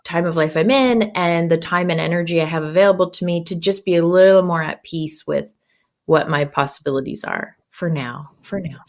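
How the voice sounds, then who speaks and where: A woman's voice: on the low side, normal speed. A woman in her thirties, a podcast guest talking candidly in a chatty way, often laughing. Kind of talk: casual podcast conversation.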